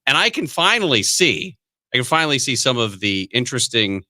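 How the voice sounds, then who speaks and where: A male radio host in casual chat, rambling and halting with lots of fillers. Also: medium pitch, very animated, bright, forceful tone, no room sound. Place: radio studio.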